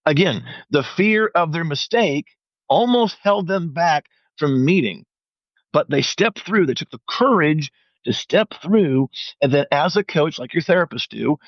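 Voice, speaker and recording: A man's voice: on the high side, measured pace, no room sound, dull audio. A man who works as a financial coach, guest on an interview podcast, telling stories and acting out his clients' lines. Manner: animated storyteller who acts out client dialogue.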